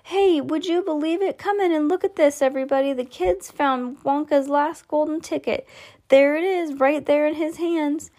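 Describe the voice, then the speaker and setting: A woman reading a storybook aloud, voicing a fat, excitable male shopkeeper who turns shrill and booming with excitement. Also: normal speed, close to an everyday voice. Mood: ecstatic. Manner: booming and excitable when thrilled.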